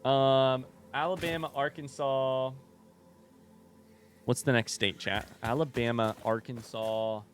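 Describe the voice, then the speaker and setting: A man's voice: mid-range voice, steady tone, slow pace, slight background noise. Rambling male streamer chatting casually. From United States. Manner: rambling, self-interrupting, joking asides. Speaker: streamer playing a game. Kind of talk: casual livestream chat with viewers.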